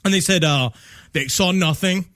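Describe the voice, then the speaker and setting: A man's voice: high-pitched, moderate pace, fairly bright tone, no room sound. A man co-hosting a podcast, telling stories in a loose, jokey way with stumbles and silly asides. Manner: rambling, jokey, slips into silly put-on voices. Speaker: podcast co-host. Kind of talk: casual chat, storytelling.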